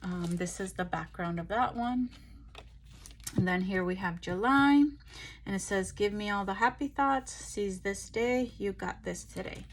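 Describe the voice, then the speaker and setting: A tired woman talks through her craft purchases in a relaxed, rambling way, pausing often and filling gaps with ums. She sounds like she is recording on her phone, with a faint hiss in the background. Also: medium pitch. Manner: relaxed, chatty, many ums and pauses. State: tired, yawning. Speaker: craft vlogger. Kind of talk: casual show-and-tell chat.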